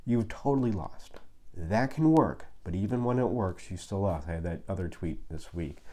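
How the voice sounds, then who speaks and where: Man, 30s, deep mellow voice, casual rambling advice host with a self-deprecating streak. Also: expressive, normal speed. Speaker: video host giving life advice. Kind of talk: casual monologue.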